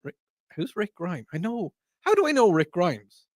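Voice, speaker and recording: A man's voice: high-pitched, wildly swooping pitch, moderate pace, no echo, clean studio sound. A man in his forties co-hosting a podcast, joking around and rambling while he gropes for names. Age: 40s. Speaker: podcast co-host. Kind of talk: casual pop-culture chat. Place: studio.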